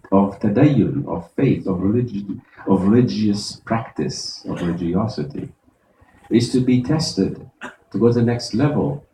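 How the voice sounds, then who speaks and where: A man, an imam, giving a Friday sermon, explaining verses step by step and reciting Arabic quickly. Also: medium pitch, dark tone, reverberant, recorded from a distance, slight background noise, rough recording. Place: mosque prayer hall.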